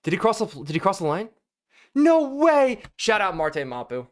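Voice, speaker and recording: Brief: young male streamer, slightly high voice, excitable play-by-play, worn-out voice, chats with viewers. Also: normal speed. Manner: excitable, talks to chat, play-by-play calls. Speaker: gaming streamer. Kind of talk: live-streamed video game play-by-play.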